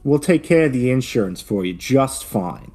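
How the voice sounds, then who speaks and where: A man playing a clumsy tourist in glasses who stammers to smooth things over. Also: mid-range voice, animated, moderate pace, darkish tone, voice pushed up. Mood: placating. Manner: flustered, stammering, brushing things off. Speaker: player.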